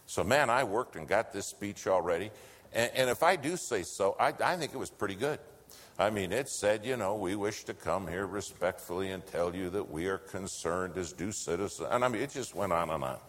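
A man preaching a sermon, telling a story and swinging between loud lines and hushed whispers. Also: low voice, expressive, moderate pace. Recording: long hall reverb.

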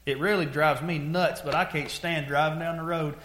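A man preaching a sermon, telling folksy stories and moving from hushed, heavy moments to loud, pressing exhortation. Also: a little high, steady tone, normal speed, echoey room.

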